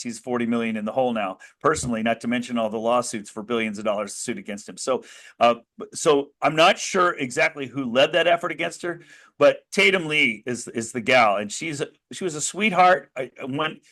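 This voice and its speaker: Earnest American man, restless storyteller. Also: mid-range voice. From United States. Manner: earnest, animated storytelling with frequent restarts. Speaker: interview guest. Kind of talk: conversational interview.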